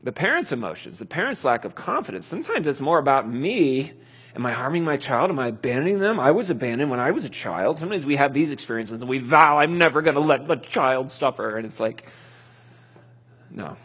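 A man's voice: mid-range voice, very animated, a little fast, fairly bright tone, slightly rough. A middle-aged man teaching a parenting class in a casual, anecdotal way, often laughing at his own stories. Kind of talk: conversational Bible-based teaching.

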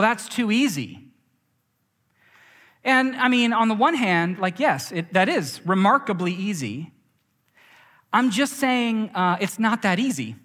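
A young man preaching in a big hall, his voice ringing out with a long echo. He talks in a lively, swooping way, slightly high for a man, and acts out the people in his stories. It sounds like a sermon told as a story. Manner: animated storytelling with acted quotes. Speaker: pastor. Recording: reverberant hall.

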